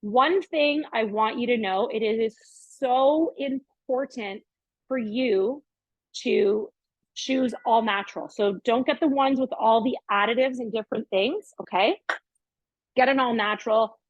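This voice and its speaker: In her home kitchen, a middle-aged cooking show host walks through a casual demonstration, chatting cheerfully. She speaks at a measured pace in a fairly high voice, with no room sound on the dry, dull lo-fi audio.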